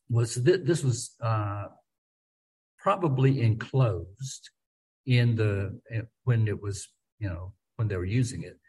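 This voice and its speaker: A man with a husky, slightly rough voice teaches a relaxed Bible study. He talks in a loose, conversational way, stumbling and repeating words as he thinks, and presses firmly on the words he wants to stress. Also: medium pitch, rough recording.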